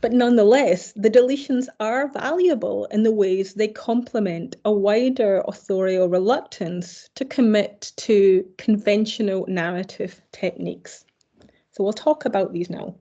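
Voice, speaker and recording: A woman's voice: medium pitch, a little slow, mellow. Woman lecturing, dull lo-fi sound. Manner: hesitant, with frequent fillers and self-corrections. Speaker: keynote lecturer. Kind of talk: academic conference lecture. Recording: slightly dull lo-fi recording.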